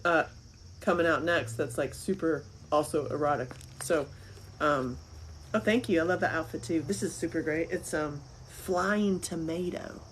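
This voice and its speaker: A woman talking as an interview guest in casual chat. She is animated, laughs often and repeats phrases. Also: low voice, normal speed, slight background noise, rough recording. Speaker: interview guest, filmmaker and author.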